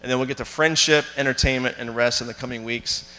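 A man's voice: mid-range voice, fairly even intonation, quick pace, pushed and bright. A man preaching a sermon in a church, talking conversationally with fillers and questions to the congregation. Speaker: pastor. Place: church sanctuary. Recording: long hall reverb.

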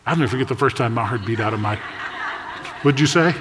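A man in his sixties preaching a sermon, storytelling in a conversational way with jokes and quick asides. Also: mid-range voice, noisy background. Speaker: pastor. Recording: long echo of a large hall.

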